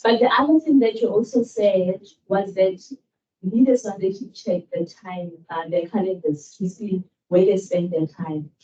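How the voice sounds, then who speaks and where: A woman moderates the panel, asking long, thoughtful questions with a mellow tone. She sounds set back from the mic, with a dull, muffled quality and a faint low rumble underneath. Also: moderate pace, far from the mic. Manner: thoughtful, winding questions with fillers.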